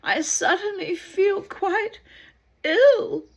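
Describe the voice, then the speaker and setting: A woman's voice: very high-pitched, very slow, pitched above the performer's own voice, heavily acted. A woman voicing a fussy, sick man in a comic poem who talks in a prim, patient way. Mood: feeble. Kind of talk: comic poem read aloud.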